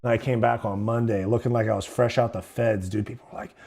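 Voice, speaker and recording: A man's voice: fairly low pitch, steady tone, a little fast, creaky, few pauses, darkish tone, slightly rough. A young man hosting a livestream, telling stories casually in a rambling, slangy, profane way. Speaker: livestream host. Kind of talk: casual storytelling.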